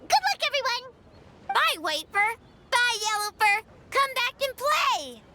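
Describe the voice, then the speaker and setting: A tiny floating fairy companion from a video game, bubbly and excitable, with a very high, squeaky voice that bounces all over the place. She talks about herself in the third person. The game audio carries a clear layer of background noise. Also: a little slow, exaggerated voice. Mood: chirpy. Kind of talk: game voice acting.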